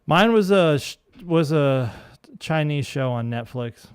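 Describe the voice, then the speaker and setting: A man's voice: on the high side, expressive, unhurried, smooth, no echo, clean studio sound. A man in casual podcast chat, giving blunt opinions about television shows.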